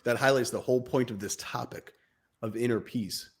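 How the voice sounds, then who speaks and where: A man co-hosting a casual podcast, reflecting in an animated way on contentment and growth and laughing easily. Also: medium pitch, normal speed. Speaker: podcast co-host. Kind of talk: casual chat.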